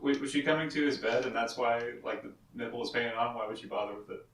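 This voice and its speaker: A man's voice: medium pitch, fast talker, a bit bright. Puzzled man asking from across the room. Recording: distant mic in echoey room with faint noise.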